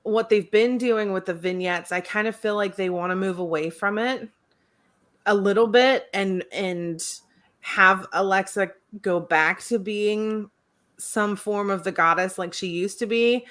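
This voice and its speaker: A woman's voice: medium pitch, unhurried, fairly bright tone. A woman on a wrestling podcast chatting casually, thinking her ideas through aloud and laughing often. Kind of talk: casual chat.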